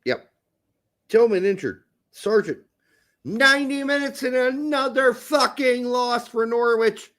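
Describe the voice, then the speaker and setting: A man co-hosting a casual soccer podcast, animated, jokey and swearing freely. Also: very high-pitched, measured pace. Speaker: podcast co-host. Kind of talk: casual sports chat.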